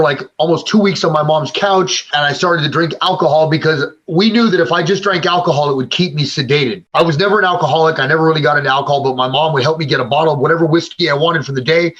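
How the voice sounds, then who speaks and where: A man's voice: on the high side, quick pace, few pauses, fairly bright tone. A man in his forties, interviewed, telling his own story in a blunt, emotional way and cursing often. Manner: raw, blunt and emotional, with frequent profanity. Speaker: interviewee, former gang member in recovery. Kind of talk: candid personal storytelling. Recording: slightly dull lo-fi sound.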